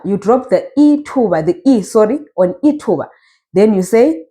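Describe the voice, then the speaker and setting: A woman with a Zimbabwean Ndebele accent teaching a language lesson, saying each word slowly so learners can repeat it. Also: mid-range voice, big pitch swings, dark tone. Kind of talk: slow spoken language lesson.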